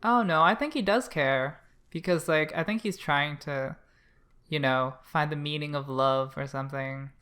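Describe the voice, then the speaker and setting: A chatty co-host reviewing an anime episode, loose and animated, with plenty of "like" and "um". The voice is bright and forward, with swearing mixed into fast asides. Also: medium pitch. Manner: chatty, animated, many fillers and acted asides. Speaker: podcast co-host. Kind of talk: casual anime review chat.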